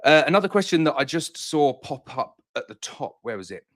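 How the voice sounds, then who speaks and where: A man's voice: on the high side, very animated, fairly quick. A man who runs a beekeeping business, answering viewer questions in a casual live-stream chat, slightly out of breath and reassuring in manner. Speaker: beekeeper and honey business owner hosting a live Q&A.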